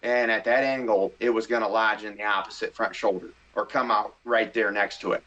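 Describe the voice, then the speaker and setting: Man, middle-aged, casual storytelling, animated, slightly muffled podcast sound. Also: lowish voice, fairly quick. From Midwest US. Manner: animated, excitable storyteller, acts out his own thoughts. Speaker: hunting show host, podcast guest. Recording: slightly dull podcast audio.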